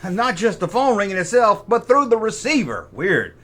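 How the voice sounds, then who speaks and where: A man's voice: sits high, big pitch swings, moderate pace, a bit bright. A middle-aged man hosting a comic toy review. He makes sarcastic asides and imitates sound effects with his mouth. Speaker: toy collector host.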